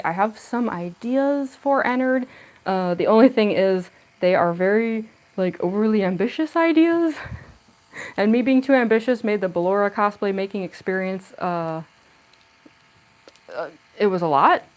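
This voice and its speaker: A woman's voice: medium pitch, rough recording. A young woman chatting casually with viewers on a home livestream, giggly and chatty, talking into a camera on a tripod. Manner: giggly, chatty, coos baby talk to her cat. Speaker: livestreaming cosplayer. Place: home room.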